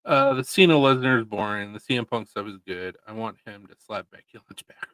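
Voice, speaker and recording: A man's voice: on the low side, a little fast, fairly bright tone, dry recording, poor audio. A man hosting a casual livestream, chatting in a laid-back, rambling and jokey way. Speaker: livestream host. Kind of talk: casual chat.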